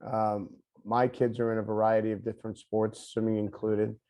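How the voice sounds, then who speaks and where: A male interview host with a low, mellow voice that stays fairly level. He asks plain, friendly questions in a relaxed, conversational manner. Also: moderate pace. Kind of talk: casual interview.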